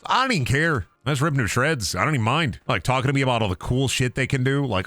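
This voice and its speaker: Young male game streamer, goofy and jokey, lively bright voice, dry close sound. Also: medium pitch, fast talker, hardly any pauses, dry recording. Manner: goofy, jokey, often putting on silly voices. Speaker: gaming streamer. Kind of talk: playful stream commentary.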